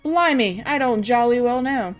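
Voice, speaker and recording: A woman's voice: a little high, normal speed, faint music behind, lightly acted. Woman putting on a blustering old army brigadier. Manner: posh put-on British accent, attempted and shaky. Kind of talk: reading game dialogue aloud on stream.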